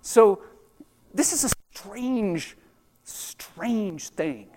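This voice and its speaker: A man preaching a sermon in a chatty, animated way, acting out the voices in the story. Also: high-pitched, drawn-out words. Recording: long reverb of a large hall.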